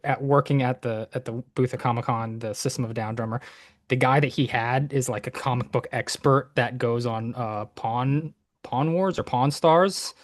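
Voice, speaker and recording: A man's voice: mid-range voice, moderate pace. A man co-hosting a casual podcast, telling an anecdote in a self-amused way. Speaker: podcast co-host. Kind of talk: casual chat.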